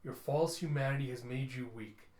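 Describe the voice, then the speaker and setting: A cold, imperious machine overlord speaks with flat menace, dropping low and quiet as a man reads its lines aloud. Every word lands as a command. The sound carries a roomy echo. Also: normal speed, close to an everyday voice.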